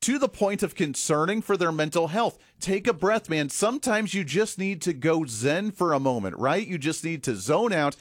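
A man's voice: a little high, animated, normal speed, few pauses, dry recording, studio quality. A man hosting a political commentary show, talking with sarcastic asides and the odd chuckle. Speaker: host.

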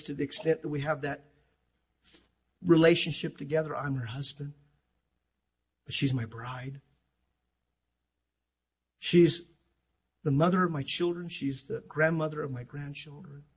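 An older man preaching a sermon as pastor, fervent and emphatic, swinging from loud to hushed. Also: on the high side, breathy edge.

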